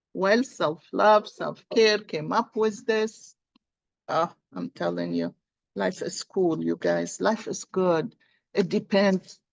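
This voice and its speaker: A woman speaking as a gives a heartfelt motivational talk, repeating her words for emphasis. Her delivery is slow and unhurried. The recording is dry, with no room sound. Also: lowish voice, darkish tone, no room sound, highs cut off. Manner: earnest, encouraging, repeats phrases for emphasis. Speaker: tarot and coffee cup reader. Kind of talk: motivational casual talk to viewers.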